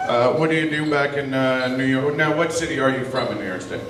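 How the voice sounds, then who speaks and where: A man doing live stand-up, teasing the audience with quick, mocking banter. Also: medium pitch, far from the mic. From Canada. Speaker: stand-up comedian. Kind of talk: live stand-up crowd work. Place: comedy club stage. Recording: echoey live club with crowd noise. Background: audience laughter.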